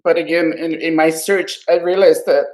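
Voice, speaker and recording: A man talks through his ideas on a casual podcast in a voice pitched a touch high. He rambles earnestly, swearing often and looping back with "right?" as he reaches for the next thought, openly heartfelt about what he cares for. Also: steady tone, normal speed, a little mellow. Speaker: podcast co-host. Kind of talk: casual political podcast discussion.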